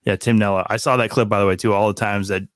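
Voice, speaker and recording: A man's voice: fairly low pitch, fairly even intonation, fast, no echo, studio quality. A man co-hosting a podcast, talking loosely with plenty of hesitations and slang. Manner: loose, hesitant, lots of "dude" and "um". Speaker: podcast co-host. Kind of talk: casual chat.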